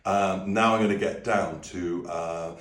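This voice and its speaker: A deep-voiced man leads a relaxed singing lesson, explaining each step and singing lines to demonstrate. The room is echoey and he sits a little back from the mic. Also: a little slow, recorded from a distance. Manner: friendly, easygoing explanations with sung demonstrations. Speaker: music teacher. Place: room with a piano.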